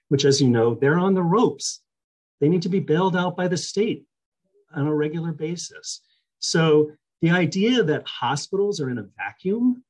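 A man's voice: on the high side, darkish tone, husky, poor audio. A man giving impassioned testimony at a public hearing over a video call. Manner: impassioned, emphatic. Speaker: hearing witness.

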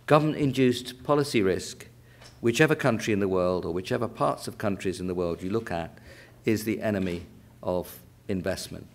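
Low-voiced West London man chairing a panel. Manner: deliberate, explanatory, with fillers and repeated key phrases. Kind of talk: academic lecture. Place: lecture theatre.

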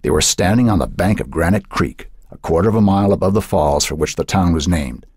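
A man narrating an audiobook with expressive storytelling. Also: low voice, a little fast, husky, no echo, studio quality. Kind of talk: scripted narration.

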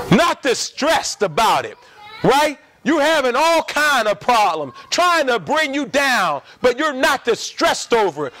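A man's voice: very high voice, a bit bright. A man preaching a sermon to a church congregation, emphatic and repeating his lines, asking the people questions.

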